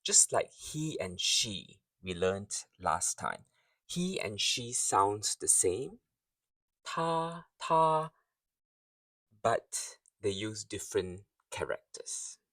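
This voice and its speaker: A man's voice: fairly low pitch, no echo, distant mic, poor audio. A man teaching a beginner language lesson, speaking carefully and repeating each phrase so learners can follow.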